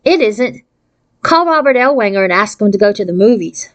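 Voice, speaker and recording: A woman voicing a sharp, teasing fifth-grade girl in a storybook read aloud. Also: medium pitch, expressive, moderate pace, lightly acted.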